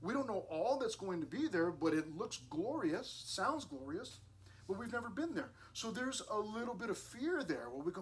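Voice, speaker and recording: A man's voice: high voice, big pitch swings, a little fast. A middle-aged man preaching a sermon to a youth service in an earnest, conversational way, often restarting his words.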